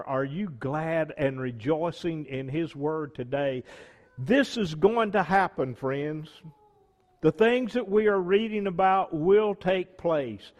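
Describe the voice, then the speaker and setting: Slow, high-voiced preacher. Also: male voice, in a large hall, muffled recording. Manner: slow and deliberate, rising to emphatic bursts on key words. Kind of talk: sermon reading and expounding scripture. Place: church sanctuary.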